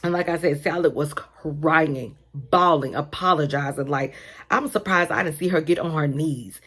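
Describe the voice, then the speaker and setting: Chatty woman with a lowish voice. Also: normal speed, a bit bright, breathy edge. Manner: chatty, addresses listeners as y'all, lots of asides. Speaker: vlogger telling a workplace story. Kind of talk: casual storytime.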